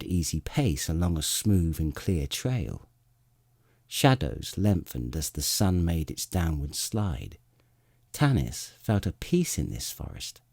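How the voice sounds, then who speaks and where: Male audiobook narrator, low and mellow, lively pitch, husky tone. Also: dry recording, studio quality. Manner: expressive storytelling.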